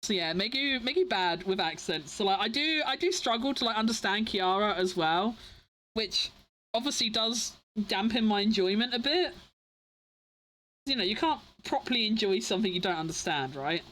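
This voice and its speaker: A young woman streamer telling stories in casual chat, animated and giggly. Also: medium pitch, moderate pace, low-quality recording.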